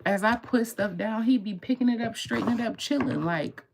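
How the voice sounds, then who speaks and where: A woman's voice: fairly high pitch, fairly quick, vocal fry, background noise. A woman livestreaming from home at night, telling a story casually with lots of swearing and laughter, keeping her voice down so she does not wake anyone. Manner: animated, profane, laughing as she tells it; holding her voice down so as not to shout. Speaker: tarot reader and livestream host. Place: home at night with others asleep.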